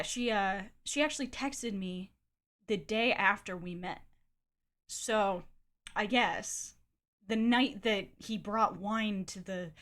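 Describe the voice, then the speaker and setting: A young woman streamer with a slightly high voice tells a long personal story, casual and animated. She acts out quotes and swears freely.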